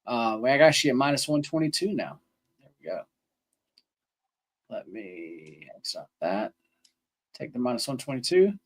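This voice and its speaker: A man's voice: medium pitch, very animated, normal speed, long pauses. A man co-hosting a sports betting show, rambling casually with lots of ums and restarts. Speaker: co-host. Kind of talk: sports betting podcast chat.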